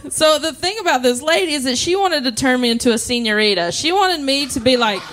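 Young woman, stand-up comic, high voice, animated and shouty storytelling. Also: brisk, slight background noise. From American South. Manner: animated storytelling, lots of "like", shouty acted-out asides. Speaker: stand-up comedian. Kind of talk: stand-up comedy set.

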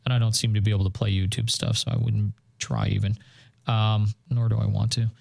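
A man's voice: lowish voice, little pitch movement, brisk, gravelly, darkish tone. A man from Northern Ireland co-hosting a podcast, chatting eagerly and rambling with lots of fillers. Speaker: podcast co-host. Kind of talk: casual chat.

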